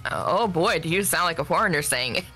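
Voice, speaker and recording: Upper Midwest American woman guest, rambling and animated, with a bouncy, expressive pitch. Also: quick pace, faint music behind. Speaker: stream guest. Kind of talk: casual chat.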